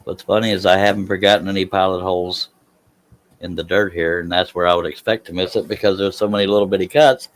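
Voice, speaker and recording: A man doing scroll saw work in a workshop talks on a live stream in a relaxed, self-deprecating way. He speaks fast, though his voice is low and soothing.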